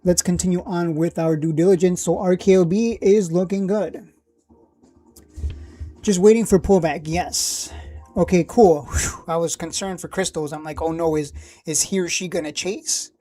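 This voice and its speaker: A man's voice: high voice, fairly even intonation, normal speed, warm tone, faint music behind. A man hosting a stock live stream, chatting casually and repeating himself while he clicks through screens at home.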